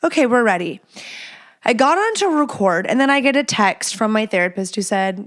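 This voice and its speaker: A woman's voice: on the high side, animated, moderate pace, a bit bright. A woman in her thirties hosting a casual solo podcast from home, chatty and rambling, teasing herself and sometimes dropping into a whisper. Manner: chatty, rambling, self-mocking, drops into whispers. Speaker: podcast host.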